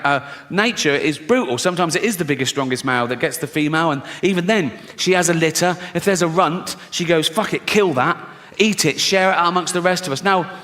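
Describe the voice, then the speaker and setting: A man's voice: fairly high pitch, fairly bright tone. A man performing stand-up comedy, telling crude, sardonic stories full of swearing. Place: live comedy venue on stage. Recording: live hall reverb, faint noise.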